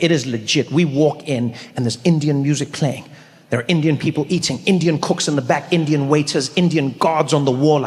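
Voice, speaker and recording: A man from South Africa telling a stand-up comedy story, acting out voices with big jumps in pitch. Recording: large hall with long reverb, faint ambience.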